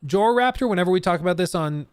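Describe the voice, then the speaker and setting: A man's voice: high voice, fast, clear, resonant tone, no echo, clean studio sound. An American man in his thirties hosting a livestream, chatting casually with a rambling, laughing manner. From United States. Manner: animated, rambling, laughs often. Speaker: streamer host.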